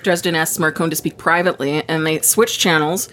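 A woman's voice: low voice, fairly even intonation, fairly quick, a bit bright, a little hiss or hum. A woman co-hosting a casual book podcast, reading chapter summaries and adding dry, sarcastic asides. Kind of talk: casual book discussion chat.

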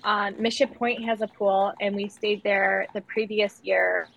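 A woman's voice: mid-range voice, unhurried, gravelly, highs cut off. A woman in her thirties telling a host about family trips in a rambling, casual way, with lots of fillers. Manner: rambling storyteller, many "like" and "um" fillers, animated when quoting people. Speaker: guest. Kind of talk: casual chat.

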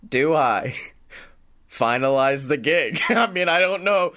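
Laughing storyteller man, fairly high voice. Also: expressive, slow pace, bright, forceful tone. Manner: laughs through his stories, slips into character voices. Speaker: podcast host. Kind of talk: comedic storytelling.

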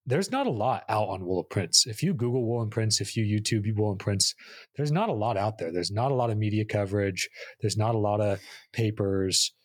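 A man's voice: on the low side, lively intonation, brisk, no room sound, clean studio sound. A man co-hosting a podcast, explaining his points in a casual, reflective way. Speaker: podcast co-host. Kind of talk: casual chat.

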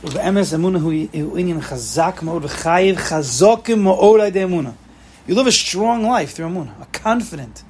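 A man's voice: high-pitched, expressive, normal speed, darkish tone, a little hiss or hum. A man giving an informal class to students, emphatic, repeating key phrases and mixing in Hebrew and Yiddish terms. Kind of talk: informal lecture with questions to students.

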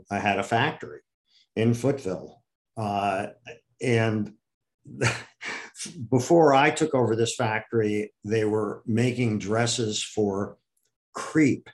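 An older man from the United States is being interviewed and tells long, winding stories. He jumps into the voices of the people he quotes, raising his pitch for the punchlines. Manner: animated, acts out quoted people with raised pitch. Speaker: interview guest. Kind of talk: storytelling in an interview.

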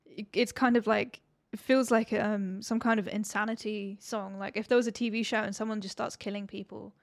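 Woman, 30s, relaxed podcast co-host, loose filler-heavy chat with casual swearing. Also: medium pitch, a little fast, creaky, no echo, studio quality.

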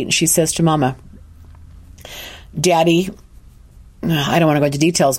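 Woman, lowish voice, earnest, animated storytelling, podcast monologue. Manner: earnest, animated retelling with frequent restarts. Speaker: intuitive counselor.

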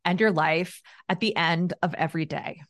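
A woman guest on an interview podcast speaks with a slightly low voice. She is measured and thoughtful, building her points and putting weight on key phrases. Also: fairly bright tone. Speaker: author guest. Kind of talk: casual conversational interview.

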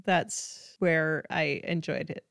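A woman's voice: low voice, slow, vocal fry, no echo, studio quality. Chatty woman podcaster from South Dakota. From South Dakota, US Midwest. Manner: chatty, laughs easily, lively storytelling. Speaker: podcast co-host. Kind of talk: casual chat.

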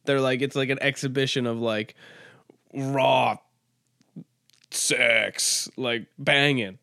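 Guy podcast host rambling and joking crudely, smooth clear voice, dry sound. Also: mid-range voice, steady tone, takes it slowly, bright, forceful tone, no room sound. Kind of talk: casual comedic monologue.

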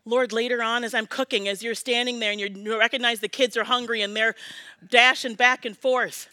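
A woman in her forties preaching a sermon as pastor, earnest and personal, often dropping to a soft prayerful hush. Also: on the high side, steady tone, moderate pace, dry recording. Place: church sanctuary.

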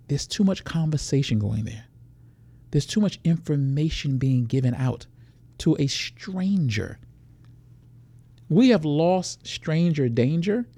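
A man's voice: on the high side, vocal fry, warm tone, dry recording. A man who is a security expert, explaining how predators work in a podcast interview, walking through scenarios.

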